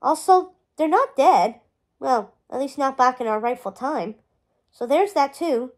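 A woman's voice: sits high, expressive, a little slow. A woman voicing an old bearded male wizard in a storybook read-aloud, gushing and sputtering. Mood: matter-of-fact.

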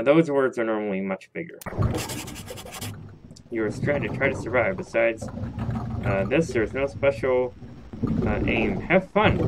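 A man gives casual commentary over a survival game, rambling and poking fun at himself. His voice is fairly low. Loud background noise runs under the recording. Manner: rambling, jokey and self-mocking. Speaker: let's play host.

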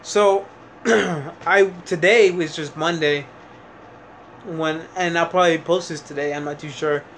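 A young man talks straight to his camera in a loose, rambling vlog, restarting sentences and piling up fillers as his frustration shows. His voice sits a little high for a man, and a faint hum of room noise runs under it. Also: fairly even intonation, measured pace, fairly bright tone. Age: young adult. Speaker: vlogger. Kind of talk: casual vlog monologue.

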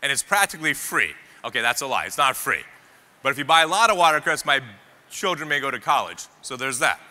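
A man's voice: mid-range voice, very animated, quick pace, sharp tone. A chef talking a crowd through a live cooking demonstration, chatty and joking as he goes. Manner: joking, chatty, audience-engaging. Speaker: celebrity chef. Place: trade show demo stage. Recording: echoey hall with faint ambience.

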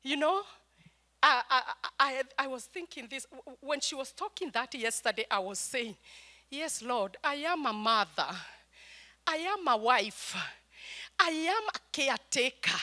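An older woman pastor from Kenya preaching a fervent sermon, rising into shouted praise and acting out her family's phone calls. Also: sits high, animated, measured pace. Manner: quotes family calls in small voiced asides.

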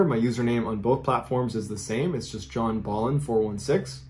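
A man narrates eerie true stories as host, drawing listeners in with a conversational yet dramatic delivery. His voice sits at an ordinary middle pitch, and a faint hiss lingers under the recording. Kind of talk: spooky true-story narration.

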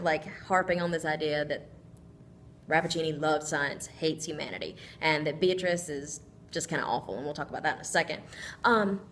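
A woman's voice: mid-range voice, a little hiss or hum. A woman teacher giving a recorded literature lesson, thinking aloud with frequent ums as she works through a story.

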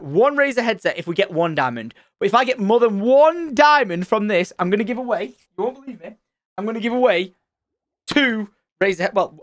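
A man commentating his Minecraft let's play, excitable and loud at surprises. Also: sits high, no room sound. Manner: excitable, shouts and squeals at surprises. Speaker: gaming channel host.

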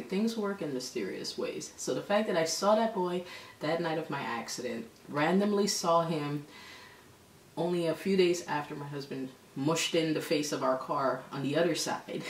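A woman telling a story in a casual vlog, animated and exasperated. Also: low voice. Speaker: vlogger. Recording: echoey room, mic at a distance, faint background noise.

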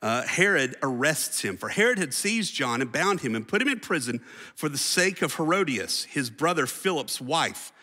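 A man preaching a sermon with a bright, forceful tone, telling the story in a casual, slangy way. His voice rings out with a long hall reverb, as if from a church sanctuary. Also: on the high side, big pitch swings, normal speed. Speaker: pastor.

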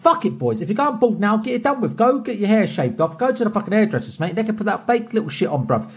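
A young British man recording a personalized video shoutout, boisterous and heavily profane, swinging from soft to loud. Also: high-pitched, very animated, fast talker, husky. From Britain. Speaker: streamer recording a paid shoutout.

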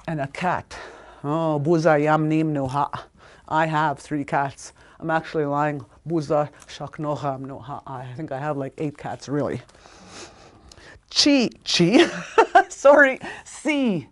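Slow, patient woman teaching pronunciation. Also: deep voice, animated. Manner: slow, patient, repeats sounds aloud, apologizes for slips. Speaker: language teacher. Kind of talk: spoken language lesson.

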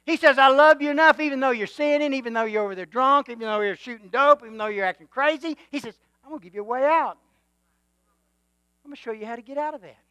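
Bright high-voiced preacher man. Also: fast, clear, resonant tone, no echo. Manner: swings from quiet musing to loud exhortation, calls for amen. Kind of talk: sermon.

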